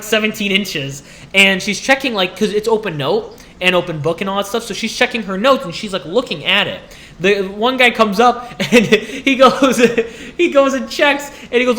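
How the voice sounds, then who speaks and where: Young male student vlogger, bright and high, animated comic ranter who acts out his stories. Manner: animated complaining, acts out dialogue. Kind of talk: comedic rant to camera.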